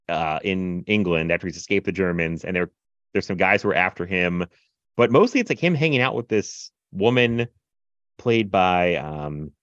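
A man casually reviewing a film in animated, rambling podcast chat, full of fillers and laughs. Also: on the low side, no echo, lo-fi sound. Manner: animated, filler-heavy retelling with laughs and mimicry.

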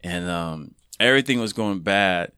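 Man, deep voice, bright and clear tone, earnest personal storytelling, podcast guest. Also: normal speed, no echo, studio quality. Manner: earnest, animated when quoting himself.

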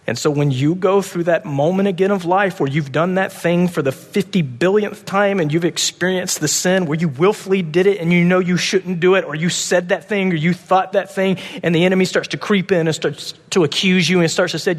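Pastor, male, fairly high voice, sermon in a big echoing hall, urgent then hushed. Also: fairly even intonation, brisk, hardly any pauses. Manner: passionate, swings from loud urgent pleading to soft hushed tones.

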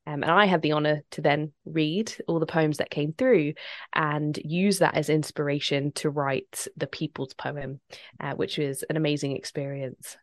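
A woman's voice: low-pitched, fairly even intonation, normal speed, dry recording. A woman poet being interviewed on radio, speaking articulately with some fillers. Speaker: poet, guest.

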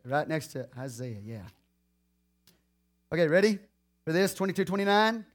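A man's voice: on the high side, normal speed. Preacher man calling out to his congregation. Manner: lively preaching, calls out to the congregation. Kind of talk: sermon.

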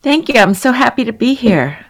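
A woman's voice: on the high side, sing-song, normal speed. A woman, a guest on a podcast, answering in a plain, friendly way. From San Diego, United States. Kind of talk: casual interview chat.

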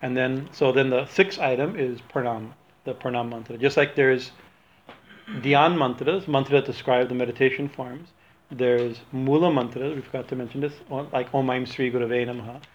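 A man's voice: mid-range voice, steady tone, moderate pace, a little hiss or hum. A man giving an informal religious talk, rambling and correcting himself, with frequent laughs. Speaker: religious teacher. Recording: dull lo-fi recording.

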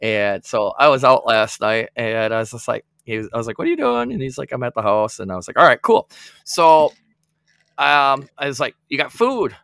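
A man's voice: mid-range voice, big pitch swings, normal speed, vocal fry, fairly bright tone, clear, resonant tone, dry recording, studio quality. A man co-hosting a podcast, telling a rambling story in casual chat, laughing often and acting out his friends' lines. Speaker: podcast co-host.

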